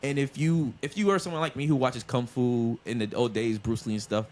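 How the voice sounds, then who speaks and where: A man's voice: mid-range voice, steady tone, a little fast. Laid-back man explaining at length. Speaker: podcast co-host. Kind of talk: casual podcast debate.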